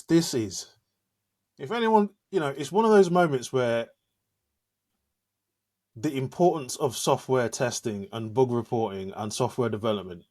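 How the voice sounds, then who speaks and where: A man co-hosts a casual podcast and lays out a story for listeners step by step. His voice has an everyday mid pitch. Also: a little mellow. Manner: explanatory, storytelling. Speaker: podcast co-host. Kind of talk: casual chat.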